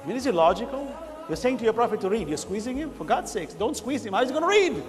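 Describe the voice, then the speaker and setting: A man giving an animated sermon to a congregation, rising to emphatic shouts. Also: very high voice, fast, big-room sound, over music. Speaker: preacher.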